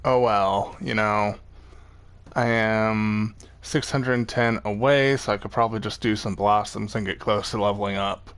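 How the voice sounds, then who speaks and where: A man's voice: on the low side, steady tone, a little slow, fairly bright tone, smooth. A young man casually commenting on his gameplay, laid-back, joking and rambling. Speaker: gaming YouTuber.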